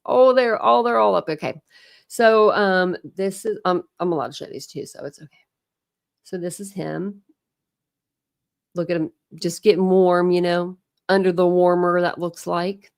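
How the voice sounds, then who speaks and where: Middle-aged woman rambling on a stream, lowish voice, dry close sound. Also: fairly even intonation, a little slow, vocal fry, clean tone, dry recording. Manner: gushing, chatty, rambling. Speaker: livestream host showing family photos. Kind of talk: casual livestream chat.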